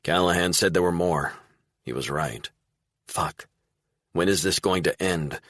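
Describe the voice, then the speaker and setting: A man's voice: sits low, measured pace, fairly bright tone, no room sound, clean studio sound. A man playing a blunt, profane middle-aged former federal agent in an audiobook.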